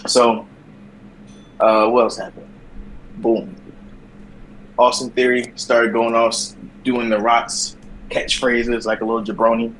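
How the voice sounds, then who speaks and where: A man co-hosting a casual wrestling talk show, telling stories and slipping into quick impressions. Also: mid-range voice, a little hiss or hum, low-quality recording. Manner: animated storyteller, slips into mimicking voices. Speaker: podcast co-host.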